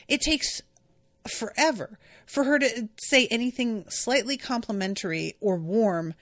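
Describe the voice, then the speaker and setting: A woman with a fairly high-pitched voice is recorded in clean studio quality with no room sound. As a podcast host, she recaps an episode in a chatty, exasperated way, full of filler words, offering casual commentary.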